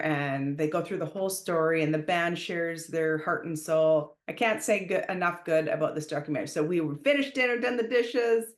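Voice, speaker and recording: A woman hosting a podcast, retelling a story in a casual, emphatic way and raising her voice when she quotes herself shouting. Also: low voice, roomy sound. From Canada. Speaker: podcast host.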